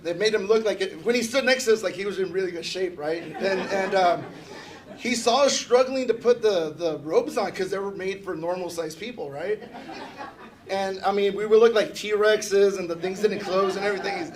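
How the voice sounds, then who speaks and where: A man giving a casual memorial tribute to a friend, telling joking anecdotes and often checking in with his listeners. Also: high-pitched. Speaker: fraternal organization member giving a memorial tribute. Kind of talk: personal memorial remarks. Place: memorial gathering at a funeral home.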